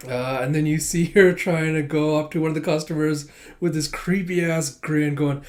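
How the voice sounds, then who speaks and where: A man's voice: a little high, steady tone, moderate pace. A man casually reading a manga chapter aloud and commenting on it, laughing readily. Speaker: manga reader and reactor. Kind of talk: casual read-along commentary.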